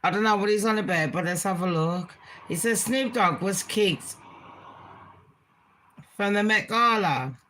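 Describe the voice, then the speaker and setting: A woman's voice: mid-range voice, a little slow, long pauses, fairly bright tone. A woman chatting casually as a gossip vlogger, blunt and crude, swearing freely and tossing asides to her viewers.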